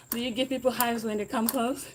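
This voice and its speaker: Pedaling away on her bike, this woman livestreams a casual workout chat, cheering her viewers on to keep at it. Her voice is on the high side, and there's noise in the background.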